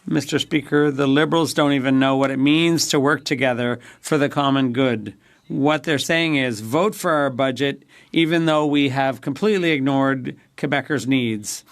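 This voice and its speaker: A man giving a measured, formal simultaneous interpretation of a parliamentary debate. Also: medium pitch.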